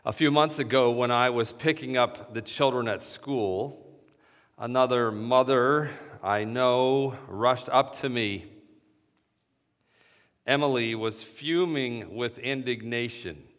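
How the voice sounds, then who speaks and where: A man reading a story aloud in a measured, deliberate way. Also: medium pitch, a bit bright. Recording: reverberant hall sound.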